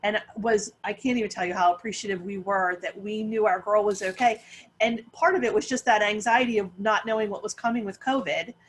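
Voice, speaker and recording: A woman's voice: medium pitch, steady tone, a little fast, a little hiss or hum. A middle-aged woman, a parent panelist, telling a long story with many restarts over a video call.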